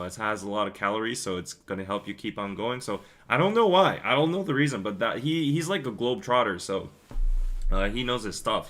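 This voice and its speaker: A young man hosting a live stream, chatting casually and rambling through stories and viewer comments with quick asides and laughs. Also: deep voice, fairly bright tone. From Korea. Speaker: podcast host reading live chat.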